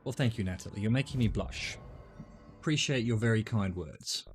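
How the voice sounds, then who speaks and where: A man's voice: fairly low pitch, moderate pace, soft background music. A middle-aged man with a mild Australian accent, chatting casually and self-deprecatingly while playing a game, with many fillers. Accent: Australian, softened. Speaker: game streamer. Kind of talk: casual gameplay commentary.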